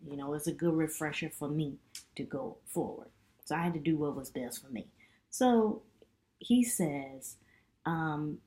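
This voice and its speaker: A middle-aged woman vlogging as a student, telling a chatty, animated story full of asides. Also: deep voice. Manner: chatty, animated retelling with lots of "you know". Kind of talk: casual storytelling vlog.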